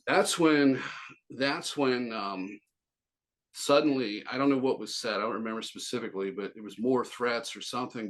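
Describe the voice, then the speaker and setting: Here an interview guest with a medium-pitched, somewhat bright male voice rambles through a lengthy personal anecdote. His casual storytelling is full of restarts and quoted dialogue.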